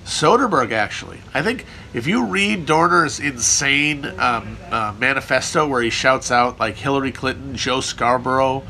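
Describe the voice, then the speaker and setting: Bright-voiced irreverent male streamer. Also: medium pitch, moderate pace, creaky, hardly any pauses. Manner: irreverent, profane, riffing, jokey. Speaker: livestream host answering chat. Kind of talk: casual rambling chat.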